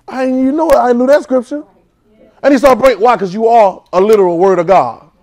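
Man, preacher, high voice, call-and-response sermon, loud then hushed. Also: fairly even intonation, fairly quick. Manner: call-and-response, urging the congregation to repeat; swings from loud exhortation to soft near-whispers.

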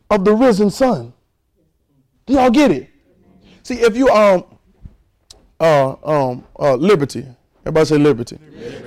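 A man's voice: high-pitched, a little mellow, poor audio. A man preaching a sermon, repeating phrases and leading his congregation in call and response.

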